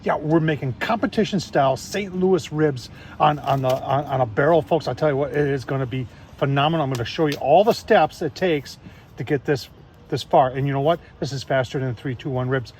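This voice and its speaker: A man's voice: medium pitch, brisk, darkish tone, slight background noise. A man hosting a casual outdoor barbecue demo, folksy and chatty, calling his viewers "folks". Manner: folksy, keeps saying "folks" and "I tell you what". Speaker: barbecue video host. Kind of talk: casual cooking demonstration.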